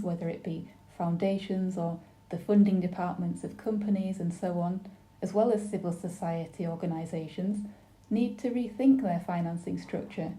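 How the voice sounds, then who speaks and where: A woman giving a simultaneous interpretation of a webinar panel, speaking in a measured, formal way with brief pauses and restarts. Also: fairly low pitch, warm tone.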